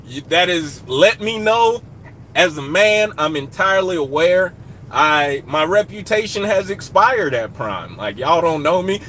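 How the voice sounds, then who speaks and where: A young man streaming live from his truck cab, chatting casually and joking with viewers, hollering shout-outs into a phone. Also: on the high side, animated, unhurried, slight background noise.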